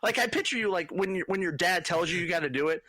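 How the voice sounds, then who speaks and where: A man's voice: high voice, fast, sharp tone, dry recording. A man from Texas co-hosting a casual beer podcast, ribbing his friend and acting out exaggerated voices in his bits. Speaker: podcast co-host. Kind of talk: casual chat over beers.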